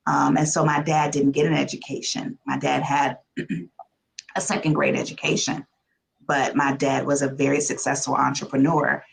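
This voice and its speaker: Creaky-voiced woman giving emphatic advice. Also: extremely low pitch, completely flat delivery, low-quality recording. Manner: slow, emphatic advice in short phrases. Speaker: panelist.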